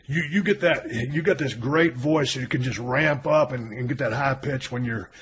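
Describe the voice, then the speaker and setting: A man's voice: medium pitch, moderate pace, a bit bright, husky. A man hosting an interview, a former wrestler telling stories in an easygoing, chatty way. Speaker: podcast host and former wrestler. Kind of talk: casual interview chat.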